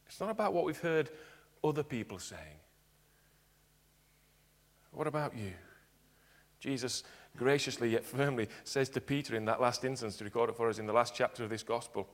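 A man preaching a sermon in church, earnest, dropping to quiet emphatic points. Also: mid-range voice, expressive, normal speed, pauses often. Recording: long hall reverb.

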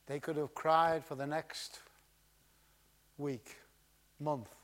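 A man preaching a sermon and reading scripture, swinging dramatically between loud emphasis and hushed tones. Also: on the high side, level tone, takes it slowly.

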